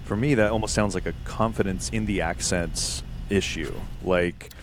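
A man's voice: deep voice, steady tone, moderate pace, soft background music. A man hosting a podcast interview, asking questions casually and thinking aloud with lots of fillers. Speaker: podcast host.

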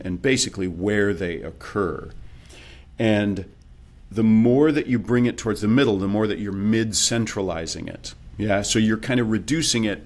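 Low-voiced man explaining like a teacher. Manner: explanatory, teacherly, animated demonstrations. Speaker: accent and dialect coach, guest. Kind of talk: podcast interview.

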